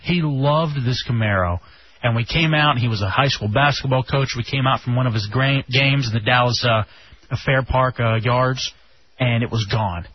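A young man from Texas hosting a radio show, telling stories in an animated way with casual swearing. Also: mid-range voice, normal speed, a little hiss or hum. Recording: dull lo-fi radio sound.

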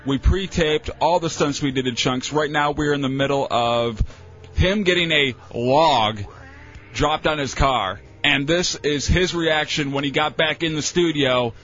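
A man's voice: on the high side, fairly bright tone, highs cut off. A man co-hosting a radio show, needling his co-host with wry questions. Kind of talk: radio banter.

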